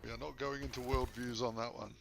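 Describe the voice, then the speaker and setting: A man's voice: mid-range voice, steady tone, fast talker, vocal fry. A man casually chatting and joking with viewers during a game stream. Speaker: gaming streamer. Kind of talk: casual live-stream chat. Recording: noisy background.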